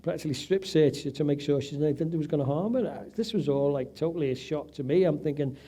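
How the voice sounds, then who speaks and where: A man's voice: a little high, quick pace, few pauses, mellow, slightly rough. A middle-aged man giving an emotional personal testimony at an event, acting out the voices of people he quotes. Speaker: event speaker, patient's husband.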